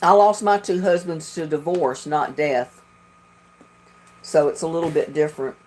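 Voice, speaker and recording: A woman's voice: low voice, steady tone, normal speed, darkish tone. Chatty older woman hosting a home livestream. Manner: chatty, homey, talks about fixing things herself. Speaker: livestream host. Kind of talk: casual chat reading viewer comments.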